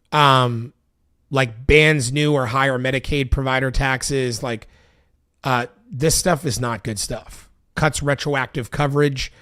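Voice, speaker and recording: A man's voice: mid-range voice, a bit bright. A man on a stream reading a bill aloud line by line, breaking off into loose, casual asides full of fillers. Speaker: political commentary streamer.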